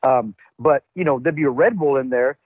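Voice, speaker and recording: Man, animated interview storyteller, husky and a touch high, lo-fi dry sound. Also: normal speed, no echo. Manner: animated storyteller, acts out quotes. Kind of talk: casual wrestling interview talk. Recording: dull, lo-fi dry audio.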